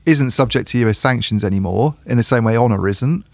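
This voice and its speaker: A man's voice: mid-range voice, a little fast, vocal fry, a little mellow, dry recording. A man co-hosting a casual podcast discussion about technology, talking things through with lots of restarts and repeated words. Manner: thinking aloud with frequent restarts and repeated words. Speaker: tech journalist co-host.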